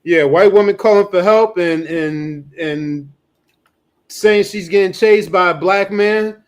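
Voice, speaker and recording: A man's voice: high voice, slow. A man co-hosting a podcast, chiming in and agreeing repeatedly in casual chat. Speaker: co-host.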